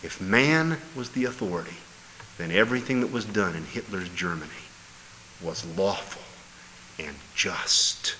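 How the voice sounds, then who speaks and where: A man preaching a sermon with emphatic delivery, dropping low and then bursting into loud exclamations. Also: animated, measured pace. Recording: hall reverb with faint noise.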